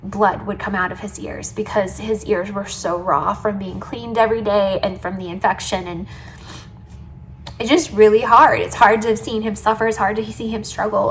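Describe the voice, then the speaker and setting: A woman's voice: mid-range voice, fairly even intonation, moderate pace, slight background noise. A woman chatting casually in a home vlog about her service dog and his food, sometimes stopping to talk to her dogs. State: close to tears with joy. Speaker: vlogger and service dog handler.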